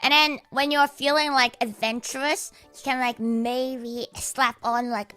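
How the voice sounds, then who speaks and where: A young Australian woman talks on her livestream with a high, bright, cute voice, rambling and cursing nonstop. Her voice is slightly high for a woman and sits close to the mic in a dry room, with faint music underneath. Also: smooth, no room sound. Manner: sweary, rambling, laughs often. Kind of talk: casual livestream chat.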